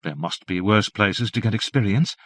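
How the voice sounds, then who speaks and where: A man reading aloud and voicing a young woman on holiday, with a soft, gently teasing manner in a storybook reading. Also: on the low side, moderate pace, dry recording, close to an everyday voice. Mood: cool teasing.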